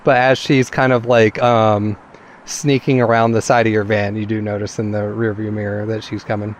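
A man's voice: on the low side, level tone, normal speed. A man running a tabletop game as game master, describing scenes in a casual, hesitant way.

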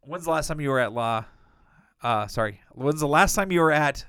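A man's voice: a little high, lively intonation, moderate pace, a bit bright, clean tone, no echo, studio quality. A young man co-hosting a podcast, rambling through profane stories in casual chat. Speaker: podcast co-host.

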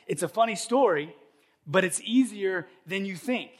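A man's voice: high voice, normal speed. A middle-aged man preaching a sermon as pastor, telling stories and acting out the voices of people in them. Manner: storytelling with acted voices, animated and comic.

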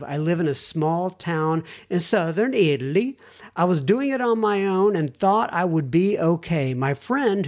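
A man's voice: on the high side, a little mellow. A man hosting a podcast, reading listener letters aloud and adding casual asides and self-corrections.

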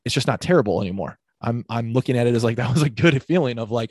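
A young man coaching fitness talks in an upbeat, rambling way, peppering his points with "like". His voice is mid-pitched and the sound is dry and close. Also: fast, husky, dry recording. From Midwest United States. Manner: energetic, heavy use of "like". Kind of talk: casual podcast conversation.

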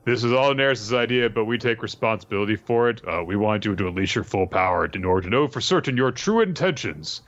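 A man's voice: on the low side, lively intonation, fast, few pauses, lightly acted. A man voicing a stern holy knight in armor, speaking formally. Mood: solemn. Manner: formal and solemn. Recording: dull lo-fi sound.

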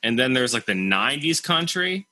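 A man chatting on a podcast with a highly animated voice that swoops up and down, blunt and jokey in his opinions. His tone is sharp and bright, recorded dry and close. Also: moderate pace, dry recording. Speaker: podcast co-host. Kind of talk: casual podcast chat.

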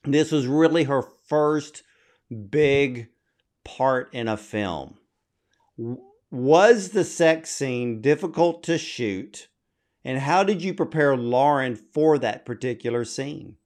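A man's voice: medium pitch, expressive, takes it slowly, darkish tone. A man interviewing a film director, effusive and admiring in his questions. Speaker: interviewer, host.

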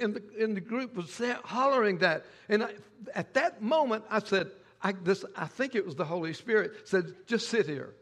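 An older man preaching a sermon as pastor, telling a story in a halting way and often repeating his words. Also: high-pitched, lively intonation, fairly bright tone, big-room sound.

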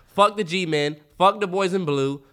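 Bright-voiced man trash-talking football. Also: sits high, unhurried. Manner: loud, trash-talking, swears a lot. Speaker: podcast co-host. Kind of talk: casual sports chat.

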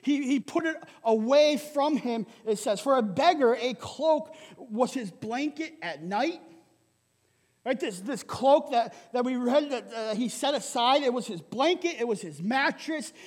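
A male pastor preaching a sermon in a lively way, often asking "right?" and laughing. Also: extremely high pitch, a little slow, big-room sound. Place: church hall.

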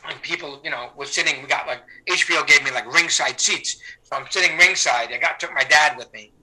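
A middle-aged man telling stories in an interview, rambling and full of restarts. His voice sits a touch high, with a sharp, forceful brightness. He acts out the people he quotes. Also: brisk, poor audio. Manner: rambling, with many restarts and fillers. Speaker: actor, interview guest. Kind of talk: casual anecdotal storytelling.

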